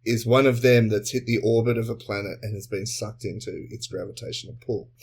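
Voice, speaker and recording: A man's voice: fairly low pitch, fairly even intonation, fairly quick, a little mellow, breathy edge. A man co-hosting a comedy podcast, chatty and explaining at length with tangents. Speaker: co-host. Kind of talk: casual comedy podcast recap.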